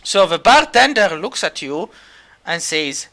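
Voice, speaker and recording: A man's voice: high voice, very animated, a little slow, bright, forceful tone. A man narrating a tabletop game as game master, hesitant and full of fillers, cracking jokes. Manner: hesitant, many fillers, jokey.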